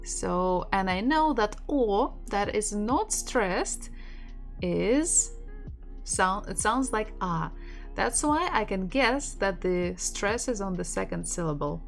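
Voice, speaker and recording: A woman's voice: mid-range voice, expressive, takes it slowly, creaky, faint music behind. A woman with a Russian accent teaching an online language lesson, patiently repeating words for learners.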